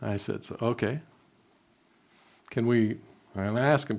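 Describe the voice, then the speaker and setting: An older man giving a conversational sermon, telling personal stories and dropping his voice softly when quoting his prayers. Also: mid-range voice, unhurried, gravelly. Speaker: pastor.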